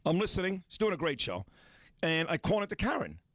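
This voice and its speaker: Brash male sports radio host, lively up-and-down delivery, dry booth sound. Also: on the high side, brisk, dry recording. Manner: brash, blunt and boastful. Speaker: radio talk show host. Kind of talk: sports talk radio banter.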